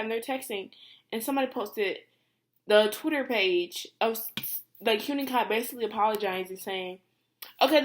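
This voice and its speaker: A young woman vlogger ranting casually to camera, animated and exasperated, with lots of fillers and free swearing. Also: a little high.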